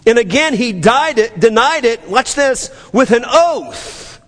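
Man, New Orleans accent, pastor sermon, animated, stammering restarts, reverberant hall. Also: very high-pitched, slow pace, few pauses. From New Orleans area. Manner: animated, acts out scripture dialogue, stammers restarts.

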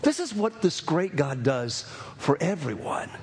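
A man preaching a sermon as pastor, earnest, repeating phrases, moving between raised proclamation and hushed asides. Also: a little high, sing-song, unhurried, slight background noise. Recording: long hall reverb.

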